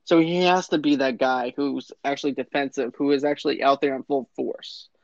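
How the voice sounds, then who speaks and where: Gravelly man chatting about a film. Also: mid-range voice, fairly even intonation, fairly quick, no room sound. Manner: conversational, repeats "and everything", "actually", "though, too". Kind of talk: casual movie discussion. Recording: dull lo-fi recording.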